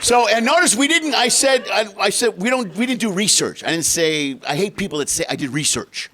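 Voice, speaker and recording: A middle-aged man doing a stand-up comedy set, telling stories with animated delivery and shouting the punchlines. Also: high-pitched, a little fast. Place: live comedy stage. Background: audience laughter.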